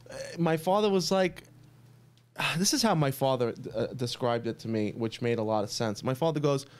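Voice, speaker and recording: A man's voice: medium pitch, normal speed. A man in a casual podcast chat, telling family stories with blunt, swearing quotes. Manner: chatty, swearing, quotes his family members.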